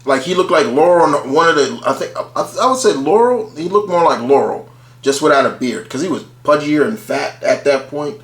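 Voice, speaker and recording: A man's voice: a little high, animated, moderate pace. Rambling man in an echoey room. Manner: rambling, with many restarts and casual swearing. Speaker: channel host ranking cartoon characters. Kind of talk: casual rambling commentary.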